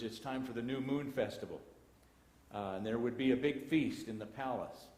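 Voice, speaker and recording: A man with a Texan accent teaches a Bible class in a church auditorium, reading scripture aloud and slipping into folksy asides. His voice is medium-pitched with a darkish tone. The broadcast comes from an echoey church hall.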